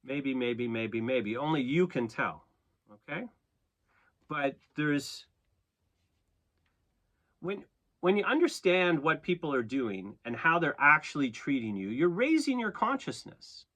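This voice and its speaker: Animated man giving a chatty tarot reading. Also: a little high, unhurried, long pauses. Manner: conversational, animated, frequent "okay?" and "right?" check-ins; laughs often at himself. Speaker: tarot reader and astrologer. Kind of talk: casual spoken tarot reading.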